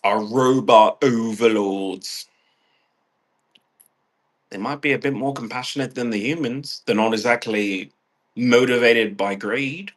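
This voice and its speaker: A man's voice: medium pitch, normal speed, fairly bright tone. Stuffy-nosed man ranting casually. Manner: ranting, swears freely, restarts phrases. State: stuffed-up nose. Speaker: vlogger. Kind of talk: casual rambling monologue.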